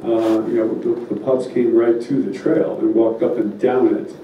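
A man gives a plainspoken public talk and takes questions, pausing often with fillers. His voice is dark and mellow. He is picked up from a distance, so the sound is roomy and carries faint background noise. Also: mid-range voice, little pitch movement, highs cut off. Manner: plainspoken, loose and halting with fillers. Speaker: wolf biologist speaking at a public meeting. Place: meeting room. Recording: echoey hall from far off, faint noise.

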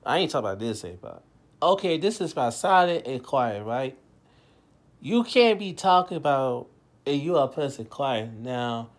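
A vlogger in his late twenties rambles through a casual monologue, repeating himself as his voice swings between loud bursts and low mumbles.

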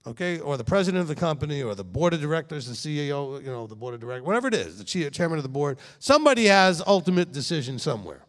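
Animated man preaching in a reverberant hall. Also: fairly high pitch, very fast, hardly any pauses. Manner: animated, emphatic, speaks directly to listeners with frequent "okay?". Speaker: rabbi and founder of the congregation. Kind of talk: conversational sermon.

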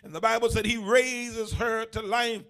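A man preaching a sermon as a bishop, building into shouted, sung cadences with repeated phrases and frequent "uh" fillers. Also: very high-pitched, level tone, normal speed.

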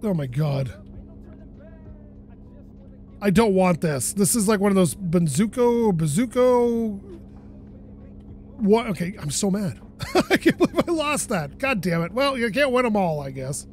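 High, lively male gamer commentating. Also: moderate pace, faint music behind. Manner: animated, self-talking, swearing when frustrated. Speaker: gaming channel host. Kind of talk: let's play commentary.

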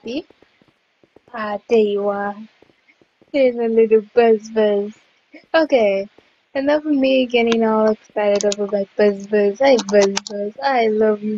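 A woman giving casual gameplay commentary as host of her channel, excitable, humming and chanting to herself while she plays. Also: medium pitch, dull audio, slight background noise.

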